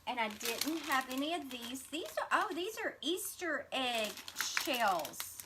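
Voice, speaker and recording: A woman's voice: sits high, expressive, measured pace, very noisy. A middle-aged woman, hosting a casual craft livestream and gushing to her viewers as she unpacks gifts. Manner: gushing, chatty, addresses viewers as y'all.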